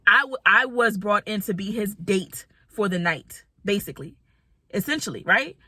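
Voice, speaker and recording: A woman vlogger telling a dating story in a casual, animated way, acting out what people said. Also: mid-range voice, moderate pace, husky, no echo. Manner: animated, chatty, acts out quotes.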